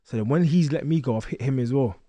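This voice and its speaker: A young man telling a lively story as a podcast guest, acting out the voices of others. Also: medium pitch, fast, no echo, highs cut off. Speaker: guest boxer.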